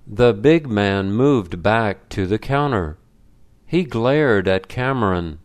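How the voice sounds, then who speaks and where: A man narrates a short story at a very slow, deliberate pace. His voice is smooth and clear and sits slightly low. Each sentence is carefully spaced. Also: animated. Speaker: story reader. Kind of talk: scripted narration.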